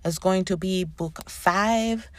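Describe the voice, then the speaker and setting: A woman in her thirties hosting a casual podcast, chatty and animated, swearing and going off on tangents. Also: medium pitch, slow pace, dry recording. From Canada. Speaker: podcast host. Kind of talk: casual chat.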